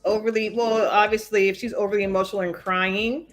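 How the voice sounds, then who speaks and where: A woman's voice: mid-range voice, steady tone, brisk, faint music behind. A woman panelist in a casual podcast debate, speaking firmly and emphatically.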